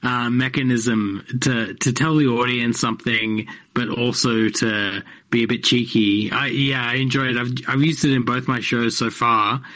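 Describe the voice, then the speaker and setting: A man in a radio studio talks loosely about his comedy work. He restarts his sentences, stumbles over words and laughs often, and his voice sits at an ordinary middle pitch. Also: steady tone, normal speed, hardly any pauses, bright, forceful tone. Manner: rambling, self-interrupting, laughs often. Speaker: comedian guest. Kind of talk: casual interview chat.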